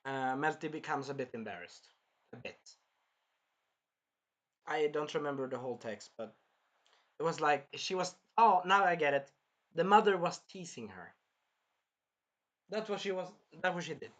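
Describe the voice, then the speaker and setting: A man hosting a casual anime episode review, rambling and sidetracking, often apologizing and clearing his throat. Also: a little high, animated, moderate pace, long pauses, a bit bright. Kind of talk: casual chat recapping an episode.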